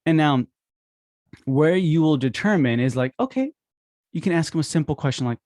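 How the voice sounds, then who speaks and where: A man in a casual instructional talk who acts out phone calls with quick voice shifts. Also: a little high, animated, darkish tone, no room sound, clean studio sound. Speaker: podcast host teaching dental marketing.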